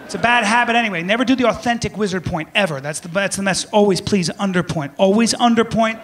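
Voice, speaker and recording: Loud, animated male stand-up comic. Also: sits high, brisk, few pauses. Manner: loud, animated, jokey, acts out bits. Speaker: stand-up comedian. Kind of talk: stand-up comedy set. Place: comedy club before a live audience. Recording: live club recording with crowd laughter and noise. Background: audience laughing.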